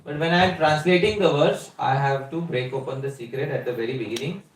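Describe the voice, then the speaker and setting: A man's voice: on the high side, fairly quick. A man giving a scripture lecture, explaining a verse step by step and putting questions to his listeners. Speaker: spiritual teacher. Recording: echoey room, mic at a distance.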